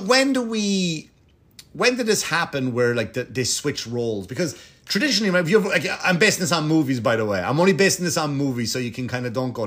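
A man's voice: mid-range voice, a bit bright. Rambling, profane male comedian. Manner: rambling, profane, lots of restarts and fillers. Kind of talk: casual ranting monologue.

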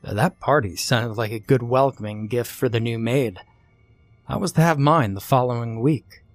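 A man telling a first-person horror story, expressive and acting out the dialogue. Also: mid-range voice, normal speed, no room sound, soft background music.

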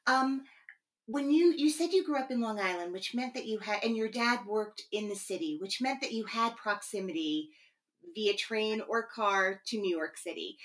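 A woman's voice: mid-range voice, moderate pace. A woman hosting a casual interview, asking questions and teasing her guest playfully. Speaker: podcast host.

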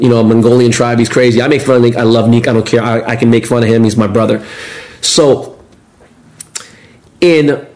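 Podcast guest, male, animated storyteller, profane, acts out the other people in his stories. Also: medium pitch. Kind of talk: casual storytelling.

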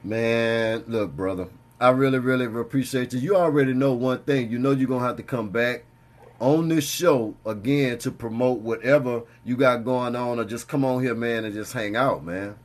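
A man's voice: medium pitch, moderate pace. Easygoing man hosting a podcast. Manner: stammering restarts, easygoing, says "man" a lot. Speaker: podcast host. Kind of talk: casual interview chat.

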